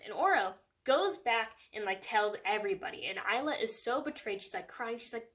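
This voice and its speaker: A woman's voice: medium pitch, animated, a little fast, hardly any pauses, fairly bright tone. Young woman ranting about a book, super casual, sarcastic, lots of like, laughs a bunch. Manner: chatty and sarcastic, fills with "like", laughs often. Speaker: book reviewer. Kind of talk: casual chat.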